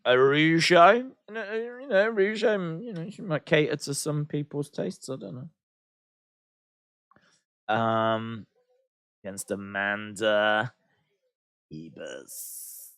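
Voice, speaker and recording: Bright-voiced man hosting a live chat. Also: fairly high pitch, lively intonation, slow, long pauses, smooth, no echo, clean studio sound. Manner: chatty, reads out and answers viewer comments; playful teasing humor. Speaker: livestream host. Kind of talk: live watch-along chat.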